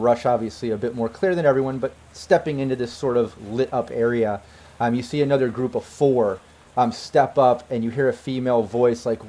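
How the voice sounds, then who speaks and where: A man's voice: mid-range voice, dark tone. A man narrating a tabletop game as game master, loose and full of fillers.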